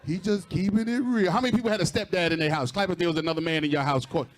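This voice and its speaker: Racing along in a high voice with fairly even intonation, a stand-up comic works a live crowd. He teases audience members face to face and laughs at his own gags.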